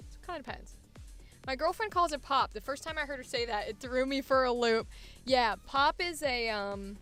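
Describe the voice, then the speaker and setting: A woman's voice: a little high, fairly bright tone. Chatty woman voice actor rambling casually. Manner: rambling, chatty, laughs often, many fillers. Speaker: voice actor host. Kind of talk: casual chat.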